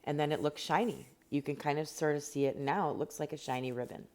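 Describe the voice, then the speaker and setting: A woman's voice: deep voice, fairly even intonation, quick pace, darkish tone. A woman teaching a painting tutorial from home, chatty and rambling with many fillers. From Canada. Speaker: rock painting instructor. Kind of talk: casual tutorial narration. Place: home indoors.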